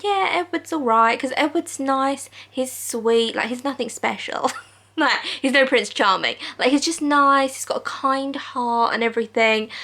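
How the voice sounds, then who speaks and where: A woman's voice: fairly high pitch, sharp tone. A young woman vlogger from England chatting casually to camera at home at night, giggly and full of "like".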